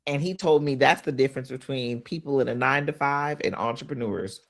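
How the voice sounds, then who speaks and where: A woman business coach talking casually in a motivational live stream, speaking straight to her viewers and reading out their comments, with loud emphatic bursts between quieter asides. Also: rumbling low, brisk. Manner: animated, talks straight to viewers, reads out comments.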